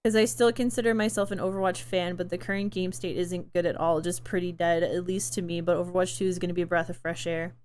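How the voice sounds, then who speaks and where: A woman's voice: lowish voice, fairly even intonation, fast talker, hardly any pauses, darkish tone, a little hiss or hum. A young adult woman streamer in casual live-stream chat, chatty and giggly, rambling with fillers, her throat tired from talking.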